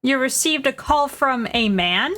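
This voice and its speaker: A woman reading as an earnest young male defense lawyer from a courtroom game, questioning witnesses in a plain, slightly hesitant way. Her voice sits on the higher side. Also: animated, measured pace, sharp tone, full character voice.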